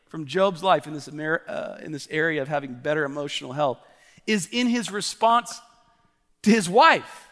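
A man's voice: on the high side, animated, normal speed, a bit bright. A male pastor preaching a fervent sermon, often restarting his sentences and stepping into asides. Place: church sanctuary. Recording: long church hall reverb.

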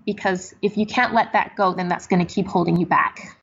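A woman's voice: fairly low pitch, steady tone, brisk, dull audio, slight background noise. Earnest woman guest giving advice. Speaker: guest, doctor and actor. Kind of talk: podcast interview.

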